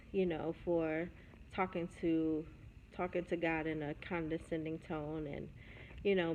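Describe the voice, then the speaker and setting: A young adult woman telling a personal story, candid and reflective, pausing and restarting as she goes. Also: lowish voice, darkish tone, highs cut off, slight background noise. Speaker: vlogger.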